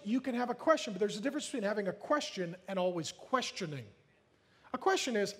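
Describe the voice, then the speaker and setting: A man preaching a sermon as pastor, lively and joking, often acting out whiny complainers in put-on voices. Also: extremely high pitch, fast talker, big-room sound.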